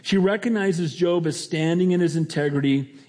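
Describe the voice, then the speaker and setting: A man's voice: on the high side, normal speed, dark tone. A middle-aged male pastor preaching a sermon in a conversational way, often restarting his sentences.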